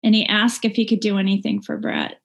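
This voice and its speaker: Middle-aged woman, plain mid-pitch voice, candid halting testimony, sincere and unpolished. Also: steady tone, gravelly, dull audio. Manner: candid, heartfelt, halting with fillers and restarts. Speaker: recovering drinker sharing her story. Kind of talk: personal recovery testimony. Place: lives in Northern California.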